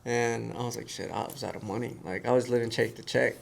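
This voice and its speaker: A man telling a story in casual conversation, animated and acting out the voices of the people in it. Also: mid-range voice, fast, gravelly. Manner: animated storyteller who acts out quoted voices. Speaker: guest.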